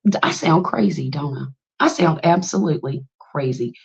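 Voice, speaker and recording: A woman in her late fifties hosts a relaxed livestream chat, telling long stories and calling out viewers by name. Her voice sits a little low for a woman. The stream audio is slightly muffled and lo-fi. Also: normal speed, creaky. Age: 50s. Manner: chatty and storytelling, greets viewers by name, laughs often. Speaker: livestream host.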